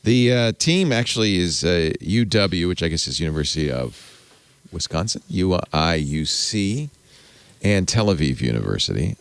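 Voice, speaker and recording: Gravelly low-voiced man hosting a tech show. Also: very animated, moderate pace, no room sound. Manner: rambling, self-correcting, chuckles often. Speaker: podcast host. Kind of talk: casual tech talk.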